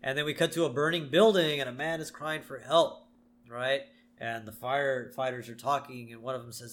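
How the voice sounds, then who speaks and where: A man in an easygoing podcast chat, walking through a cartoon episode scene by scene. His voice sits at an ordinary middle pitch, and he laughs readily between lines. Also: a little fast. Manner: relaxed, laughs often, retells scenes with quoted lines. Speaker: podcast co-host. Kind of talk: casual episode recap chat.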